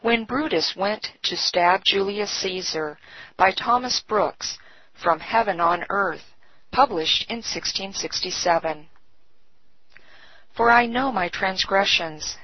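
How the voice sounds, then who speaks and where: A woman giving a solemn, measured scripted devotional reading. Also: mid-range voice, husky, no room sound. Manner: slow, solemn, measured delivery. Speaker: devotional reader. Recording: dull, dry lo-fi recording.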